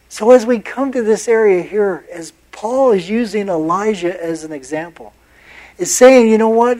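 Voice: medium pitch, darkish tone, rough recording. A preacher giving an expository sermon, emphatic, repeating key phrases and acting out the quoted words.

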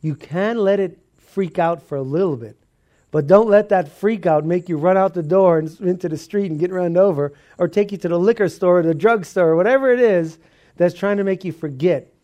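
Man preaching, animated storytelling, slightly high voice. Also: brisk, lo-fi sound. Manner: animated storytelling, acts out dialogue. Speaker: pastor. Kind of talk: sermon.

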